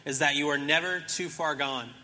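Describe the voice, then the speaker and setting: A young pastor delivers a sermon in a very bright, forceful voice that sits slightly high for a man, moving at a moderate pace. He relates the story casually, performing each character's lines himself. Behind him, a large sanctuary's long reverb lingers after every word.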